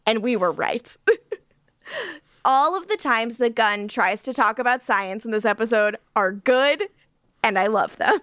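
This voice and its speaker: A woman co-hosts a relaxed rewatch podcast and often breaks into laughter. She acts out characters' lines with a high voice that swoops all over. Her voice sounds dry and close. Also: measured pace, no room sound. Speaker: podcast co-host. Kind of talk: casual rewatch podcast chat.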